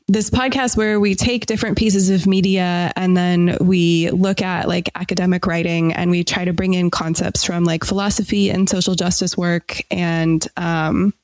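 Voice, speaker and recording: A woman's voice: lowish voice, darkish tone, no room sound. Thoughtful young woman explaining her podcast. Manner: thoughtful, fills pauses with "um", laughs at herself. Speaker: podcast guest, co-host of another show. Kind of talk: casual interview talk.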